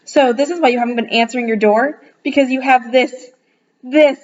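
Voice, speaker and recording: A woman's voice: high-pitched, fairly even intonation, normal speed, darkish tone, dull audio, voice pushed up, natural voice. A woman voicing an angry, strict middle-aged mother who scolds shrilly. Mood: scolding.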